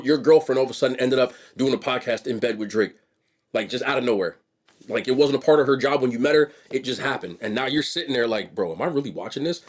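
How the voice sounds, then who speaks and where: A young man, a vlogger, giving animated casual commentary straight to his viewers with a husky voice. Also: mid-range voice. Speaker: mukbang vlogger.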